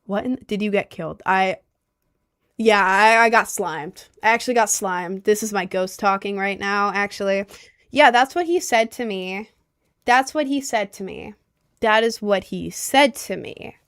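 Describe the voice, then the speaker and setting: A woman's voice: medium pitch, moderate pace, a bit bright, no room sound, clean studio sound. A woman in her twenties telling a personal story in a casual, rambling way with lots of filler words.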